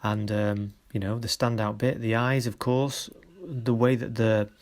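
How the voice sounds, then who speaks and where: A man with a fairly low voice talks through students' photographs as a workshop leader. He is encouraging and warm in his praise. He stops often to search for the right word. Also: little pitch movement. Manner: encouraging, halting with many pauses. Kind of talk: recorded feedback on students' photos.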